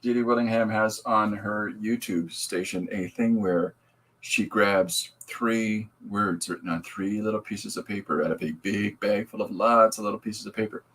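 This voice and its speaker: A man's voice: fairly low pitch, steady tone, moderate pace, a bit bright, low-quality recording. A man hosting a podcast livestream, rambling and upbeat as he greets viewers and talks about his comics. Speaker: podcast host and comic artist. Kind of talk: casual livestream chat.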